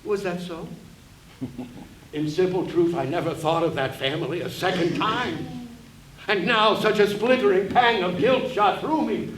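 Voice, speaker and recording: Male actor narrating a one-man play, wry and measured; distant mic, roomy hall, faint hiss. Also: high voice, fairly bright tone. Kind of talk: theatrical storytelling on stage. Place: theater stage before an audience.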